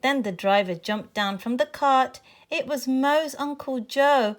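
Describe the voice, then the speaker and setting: A woman reading a children's story aloud in a clear, expressive way. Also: sits high, measured pace.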